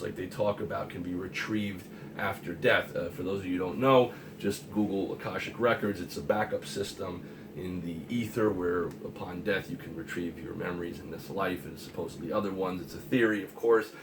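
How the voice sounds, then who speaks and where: A man's voice: deep voice, steady tone, normal speed. A man giving an earnest, rambling monologue, emphatic and full of fillers and restarts. He talks to the camera as a vlogger. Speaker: comic artist and vlogger. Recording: distant mic with faint hiss.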